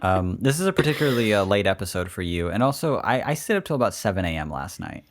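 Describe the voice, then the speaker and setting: Deep-voiced joking male podcast host. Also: big pitch swings, quick pace. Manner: joking, rambling banter with frequent restarts. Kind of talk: casual chat.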